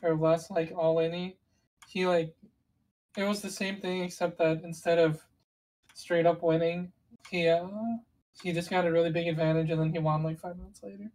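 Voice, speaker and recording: Brief: woman with a lower voice, co-host who walks through game strategy in loose, meandering detail. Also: flat delivery, normal speed, a little mellow, low-quality recording. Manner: rambling, detailed explainer with restarts. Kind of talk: casual gaming chat.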